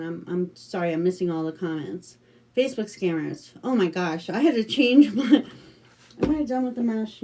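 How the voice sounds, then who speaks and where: A middle-aged American woman chats through a craft livestream in a relaxed, rambling way, full of fillers and restarts. Her voice is mellow and soft-edged. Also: sits low, a little hiss or hum. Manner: chatty, rambling storytelling with many fillers. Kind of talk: casual livestream chat.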